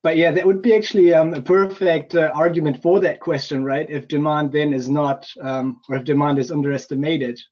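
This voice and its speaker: A man's voice: on the high side, fairly even intonation, brisk, few pauses. A man taking part in an online seminar, giving his view casually with hedges and "um". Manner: casual, hedging with fillers. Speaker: participant. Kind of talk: academic webinar discussion. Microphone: video call. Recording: dull, lo-fi video call audio.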